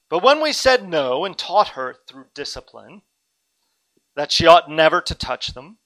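A man's voice: mid-range voice, creaky, pushed and bright, low-quality recording. A man in his thirties preaching a sermon as a pastor, earnest and dynamic, with friendly asides to his congregation.

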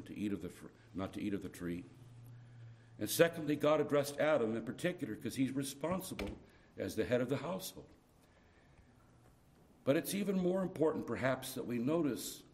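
Man preaching with rising urgency. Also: mid-range voice. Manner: earnest, swings from hushed tenderness to loud urgent appeals. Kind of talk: sermon.

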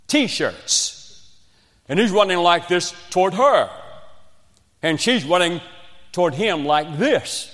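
A man preaching a sermon, telling a story with humor and quoting scripture with rising emphasis. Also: medium pitch. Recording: long reverb of a large hall.

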